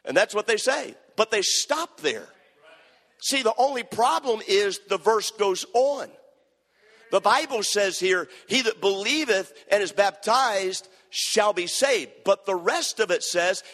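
A man's voice: high-pitched, animated, a little slow, a bit bright, big-room sound. A man preaching a sermon, emphatic and repetitive as he quotes scripture.

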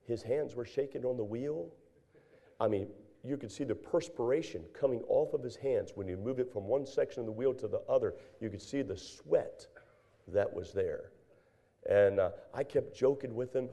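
An older man preaching a sermon, telling folksy stories in an animated way, with many fillers and acted-out dialogue. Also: medium pitch, normal speed, creaky. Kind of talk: sermon with storytelling.

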